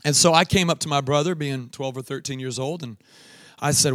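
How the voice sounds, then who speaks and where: A young man preaching a sermon, swinging from loud emphatic declarations to quiet storytelling and laughing at his own stories. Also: mid-range voice, brisk, dry recording, clean studio sound. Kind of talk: sermon with a told childhood story.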